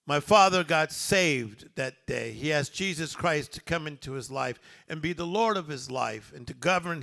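A middle-aged man preaching a sermon as pastor, swelling into loud emphatic lines and dropping back to a quiet telling. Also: a little high, gravelly.

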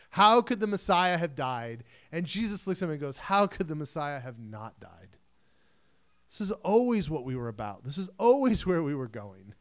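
A man's voice: high voice, clean tone. A man preaching a sermon in a casual, conversational way, mixing scripture reading with chatty asides. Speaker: pastor.

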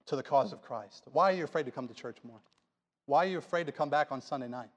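A man's voice: medium pitch, quick pace. A man preaching a sermon in a church, pleading with the congregation through earnest rhetorical questions.

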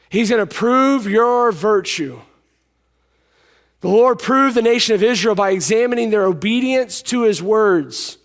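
A man delivers a sermon in a high, ringing voice. He presses his points by repeating them and drops low for his stories. Long reverb from a big hall trails every phrase. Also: expressive, unhurried. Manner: emphatic, repeats key lines, drops to a hush for stories. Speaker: preacher.

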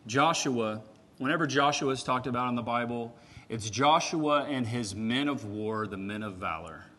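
A man preaching a sermon in a conversational, animated way, swinging from loud emphatic peaks to quiet asides. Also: medium pitch, moderate pace. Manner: animated, conversational, with frequent "right?" and "like".

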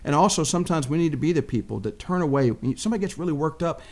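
A man's voice: fairly high pitch, very fast. A man teaching on a Bible passage in casual conversation, telling the story with animation and acting out what people said. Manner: animated storytelling, acts out quoted speech.

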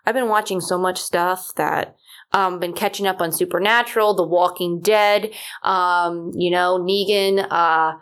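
A woman host chatting on her podcast in a loose, rambling way, full of ums and likes. Her voice sits a little low for a woman. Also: steady tone, measured pace, fairly bright tone. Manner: chatty, rambling, many fillers. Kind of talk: casual solo chat.

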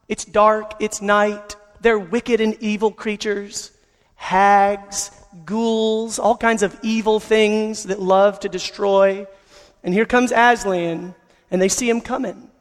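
A man's voice: high voice, flat delivery, slow. A man preaching a sermon, telling a story in an earnest way, recorded in a reverberant hall. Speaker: pastor.

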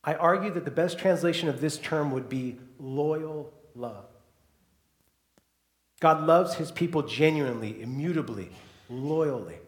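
Man, pastor, sermon, hushed then emphatic, slightly high voice, roomy sanctuary sound. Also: a little slow. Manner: moves between soft, hushed passages and loud, emphatic preaching.

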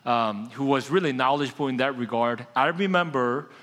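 A man preaching a sermon as pastor, an animated storyteller who slows down to stress key points, in a church sanctuary. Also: mid-range voice. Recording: long hall reverb.

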